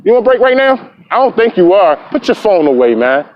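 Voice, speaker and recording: A man's voice: high voice, sing-song, a little fast. A man filming police on a city street, taunting and lecturing them in a confrontational argument. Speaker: camera-carrying activist filming police. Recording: muffled lo-fi street recording.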